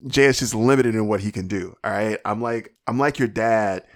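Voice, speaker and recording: A hoarse man who is losing his voice hosts a solo podcast, rambling through profane, comically exasperated rants and mumbling a little. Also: on the low side, normal speed. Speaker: podcast host. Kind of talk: casual solo podcast rant.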